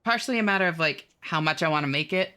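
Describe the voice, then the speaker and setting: A woman's voice: low-pitched, animated, fast, pushed and bright. A woman streaming a video game, chatting casually and giggling as she answers her viewers. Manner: chatty, giggly, reads chat aloud. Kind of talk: casual chat with viewers while gaming.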